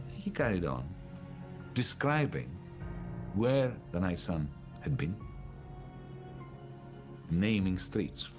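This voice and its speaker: Man, middle-aged, very deep voice, measured first-person narration, music underneath. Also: sing-song. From Greece. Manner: measured storytelling with pauses and fillers. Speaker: documentary narrator.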